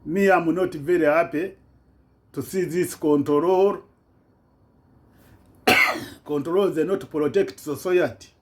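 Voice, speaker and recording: A man's voice: on the high side, steady tone, takes it slowly, long pauses, a little hiss or hum. A man giving an impassioned political rant in broken, non-native English, repeating himself with indignation. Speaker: vlogger.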